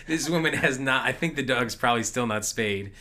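A man in his thirties, co-hosting a casual podcast, telling stories with animated energy and frequent laughs. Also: medium pitch, normal speed. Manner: storytelling, animated, laughs often. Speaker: podcast co-host. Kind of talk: casual chat.

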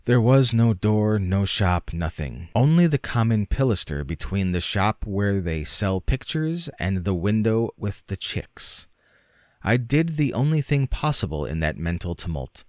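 Low-voiced guy reading an old story out loud, dramatic and expressive, dry close sound. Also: unhurried, no echo. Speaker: narrator. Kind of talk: audiobook reading of a classic short story.

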